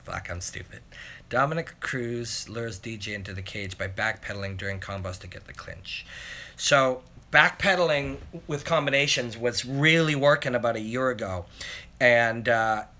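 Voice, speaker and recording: A man in his forties with a bright, forceful voice, chatting through a live stream Q&A. He rambles, reads viewers' questions aloud and pokes fun at himself. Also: mid-range voice, normal speed. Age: 40s. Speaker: host. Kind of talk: live Q&A chat.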